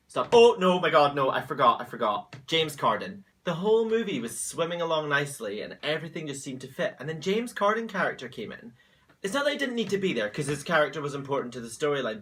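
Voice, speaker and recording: A man's voice: a little high, sharp tone. A young man hosting a casual vlog, chatty and opinionated, gossiping animatedly to camera. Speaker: vlog host.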